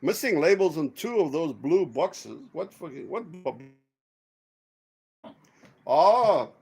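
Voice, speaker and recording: A man hosting a casual livestream chat, swearing a lot and telling stories with animated energy. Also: fairly high pitch, slow, breathy edge, soft background music. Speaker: livestream host.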